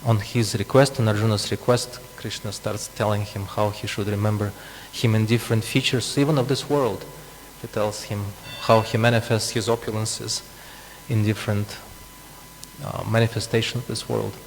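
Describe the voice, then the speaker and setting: A man's voice: lowish voice, little pitch movement, moderate pace. A man preaching a scripture class, explaining with asides and frequent chuckles. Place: temple hall. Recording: long reverb, faint hum.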